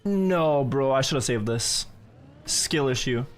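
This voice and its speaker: A young man who grew up speaking Norwegian chats loosely with his audience during a game stream, answering questions with an easy, self-amused manner. His voice sits in a middle pitch. Faint music and the clack of a keyboard sit beneath him. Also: animated, slow. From Norway. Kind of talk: casual live-stream chat while gaming.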